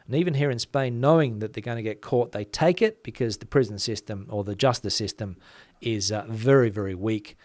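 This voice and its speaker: A man's voice: fairly low pitch, a little mellow, no echo, studio quality. Chatty Australian man reading comments. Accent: Australian, softened. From Western Australia. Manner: chatty, many fillers, talks fast. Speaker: channel host. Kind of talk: casual livestream chat reading comments.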